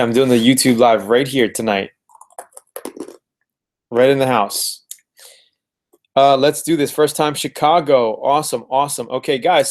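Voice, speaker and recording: Upbeat man hosting a live stream. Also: mid-range voice. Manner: upbeat, repeats words, shouts out viewers. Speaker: host of a live car-flipping webinar. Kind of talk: casual live-stream chat.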